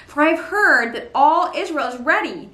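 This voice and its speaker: A woman's voice: high voice, animated, moderate pace, pushed and bright. A woman reading the words of an ancient king in an earnest, pleading manner, with a roomy echo from a distance. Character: ancient king, grieving yet forgiving ruler.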